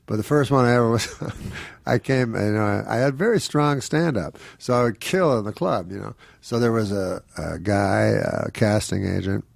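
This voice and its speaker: A man, a comedian guest on a podcast, telling rambling anecdotes in a dry, offhand way with quick laughs. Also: fairly low pitch, vocal fry, no room sound. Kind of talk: casual podcast storytelling.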